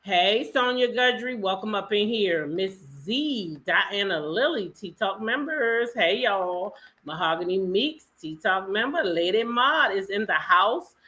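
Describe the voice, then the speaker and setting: A woman's voice: mid-range voice, animated, unhurried, hardly any pauses, bright, forceful tone. A woman hosting a casual livestream, sassy and greeting viewers by name. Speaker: livestream host. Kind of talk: casual live chat.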